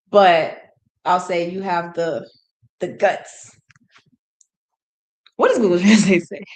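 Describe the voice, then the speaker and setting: Woman streamer, slow and easygoing, thinks out loud, self-correcting learner. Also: mid-range voice. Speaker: language learner reading aloud. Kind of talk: casual live-stream reading and translating.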